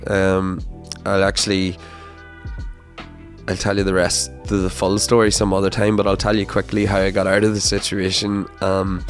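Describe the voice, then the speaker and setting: A young man hosting a podcast, telling a personal story in a casual, rambling way, full of fillers, restarts and swearing. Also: low voice. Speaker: podcast host.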